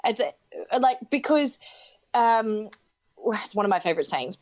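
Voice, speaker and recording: A woman hosting a podcast, talking enthusiastically in quick bursts and often interrupting herself. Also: fairly high pitch, expressive. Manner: enthusiastic, talks in rapid bursts with self-interruptions. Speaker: podcast host. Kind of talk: casual podcast conversation. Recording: dull, muffled podcast audio.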